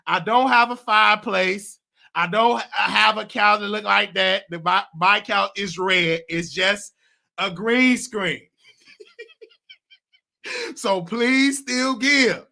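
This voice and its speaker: A man's voice: extremely high pitch, pushed and bright. A man hosting his own livestream, venting in a casual monologue that is emphatic and repetitive, with a preacher-like way of talking. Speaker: show host.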